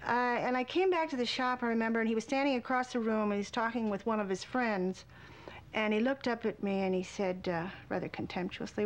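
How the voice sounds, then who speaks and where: A middle-aged woman, a welder and artist, telling a candid story for a documentary, swinging between loud and hushed. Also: fairly high pitch, fairly quick.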